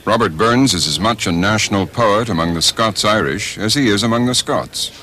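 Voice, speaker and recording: A man reading scripted documentary narration in a measured, expressive way. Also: on the low side.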